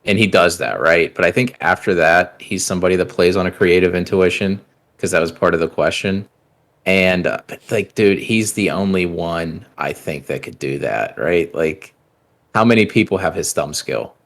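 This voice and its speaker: A man's voice: low-pitched, moderate pace, a bit bright. A man co-hosting a gaming podcast, reading listener questions aloud and chatting loosely. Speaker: podcast co-host. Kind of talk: casual chat.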